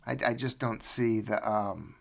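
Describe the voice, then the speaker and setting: A man's voice: fairly low pitch, fairly even intonation, unhurried, creaky. A man hosting an unscripted livestream, rambling sarcastically with frequent restarts. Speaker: livestream host.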